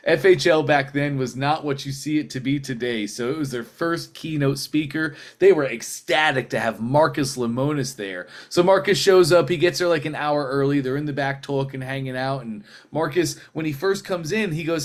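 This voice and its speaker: A man coaching a group in a casual teaching talk, telling stories in a lively, rambling way and acting out what people said. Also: fairly high pitch, moderate pace, hardly any pauses. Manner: animated storyteller who acts out quotes; loose and rambling, with restarts. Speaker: sales training coach.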